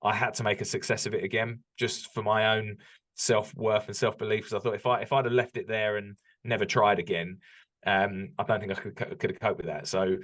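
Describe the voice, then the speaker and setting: British male interview guest, lower register, candid and reflective, casual chat. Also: level tone, fairly quick, a bit bright. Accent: British English. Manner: reflective, candid, frequent restarts and ums. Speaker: podcast guest, business owner.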